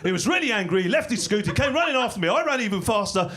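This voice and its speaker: Deadpan high-voiced man doing stand-up. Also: rapid-fire. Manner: dry, deadpan delivery with sudden shouted bursts. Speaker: stand-up comedian. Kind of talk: deadpan stand-up one-liners. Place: small comedy club stage in London. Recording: live club recording with audience laughter. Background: crowd laughing.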